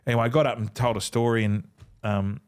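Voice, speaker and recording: A man's voice: mid-range voice, steady tone, fast talker, darkish tone, smooth. Australian man spinning casual yarns. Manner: yarn-spinning, swears freely, acts out other people's lines. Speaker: podcast guest, former rugby league player. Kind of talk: casual storytelling chat.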